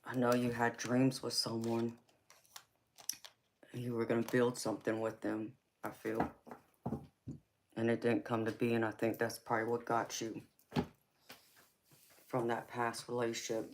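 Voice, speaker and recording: A woman's voice: very deep voice, monotone, unhurried, pauses often, noisy background. A woman giving a live tarot reading, speaking in an emotional, intimate way and calling the client "baby". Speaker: tarot reader.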